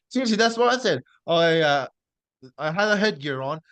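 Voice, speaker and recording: A young man hosts a podcast in a high voice, excitable and blunt, swearing freely. He talks fast and loose. The recording is dry and close to the mic. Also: clean tone, dry recording. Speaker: podcast host. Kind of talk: casual podcast interview.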